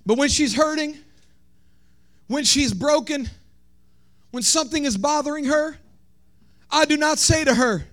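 A male pastor, preaching a sermon that swings from shouted, sung lines to quiet talk. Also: very high-pitched, a little slow, pauses often. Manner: preaching, shouting and half-singing in rises, then dropping soft.

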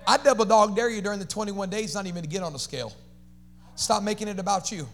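A pastor preaching an energetic sermon, calling on the congregation to repeat phrases and dropping casual slangy asides. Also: male voice, high voice, fast. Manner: animated preaching with call-and-response to the congregation.

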